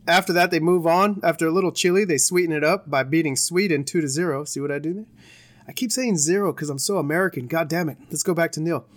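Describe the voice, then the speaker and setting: A man's voice: a little high, quick pace. Joking young man on a sports podcast. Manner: joking, rambling, with put-on bits. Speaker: podcast co-host. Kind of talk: casual sports chat.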